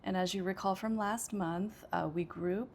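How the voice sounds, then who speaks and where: A woman's voice: medium pitch, steady tone, moderate pace, creaky, darkish tone, slight background noise. An American woman teaching an English pronunciation lesson, explaining patiently with frequent "okay" and small hesitations. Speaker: ESL teacher.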